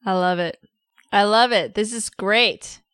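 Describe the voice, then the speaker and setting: Slow, smooth-voiced woman podcast host. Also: mid-range voice, a bit bright, dry recording, clean studio sound. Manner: encouraging, addresses listeners directly. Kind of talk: podcast interview.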